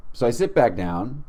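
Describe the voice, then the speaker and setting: A man co-hosting a comedy podcast, telling a long story in an animated, deadpan way. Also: medium pitch. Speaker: podcast co-host.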